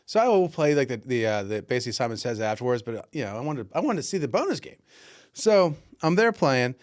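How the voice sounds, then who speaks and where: A Pennsylvania podcast co-host tells a casual story at a quick pace, animatedly acting out the voices of the people in it. His voice is medium-pitched.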